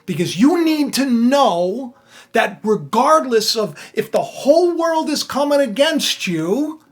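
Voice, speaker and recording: A man retelling a Bible story in a casual, animated sermon, chatty and often laughing. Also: very high-pitched, slow pace. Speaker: preacher, storyteller.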